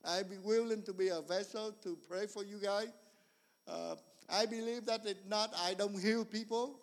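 A man preaching a sermon in earnest, repetitive, non-standard English, swinging between loud emphasis and quiet storytelling. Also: sits high, steady tone, moderate pace. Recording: long reverb of a large hall.

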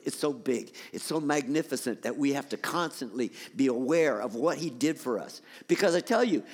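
A male pastor preaching a sermon in a church, animated with rising emphatic peaks. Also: a little high, in a large hall. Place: church sanctuary.

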